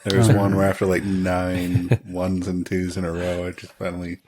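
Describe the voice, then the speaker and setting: A man's voice: sits low, monotone, moderate pace, a little mellow. A man playing a ranger in a tabletop game, chatting casually. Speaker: player.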